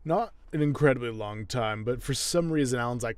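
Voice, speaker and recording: A man's voice: medium pitch, a little fast, smooth, no echo. A man hosting a casual video, joking and commenting on a story in crude, laughing terms. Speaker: host.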